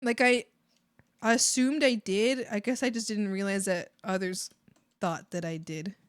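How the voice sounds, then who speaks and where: A Canadian art streamer livestreams while drawing, chatting casually with viewers in a chatty, giggly way and filling her speech with "like." Her voice is medium-pitched, steady, clear and resonant, and a little slow.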